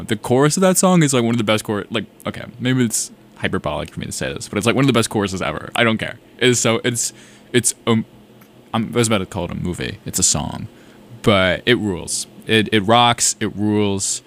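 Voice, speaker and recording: A man's voice: lowish voice, expressive, a little fast, fairly bright tone, a little hiss or hum. A young man from South Carolina hosting a college radio show, chatting casually in a rambling, self-correcting, enthusiastic way.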